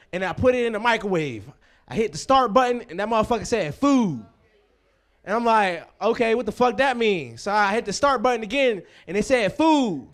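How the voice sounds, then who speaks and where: A man hosting a live comedy show, with an unusually high voice. He tells loose, profane stories in a rambling way. He keeps turning to the audience with questions. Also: fairly bright tone, smooth. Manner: loose, profane, rambling storytelling with crowd work.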